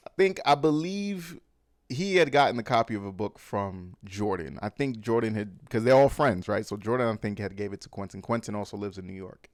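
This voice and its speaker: A man recapping a film in casual, animated, slangy talk, full of fillers. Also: on the low side, brisk, no echo, clean studio sound. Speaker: movie recap host.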